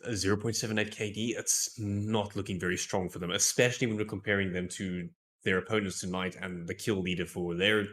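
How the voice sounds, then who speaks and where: Man, esports analyst, low voice, measured, stat-focused, wry. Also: fairly even intonation, a bit bright. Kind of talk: pre-match stats analysis.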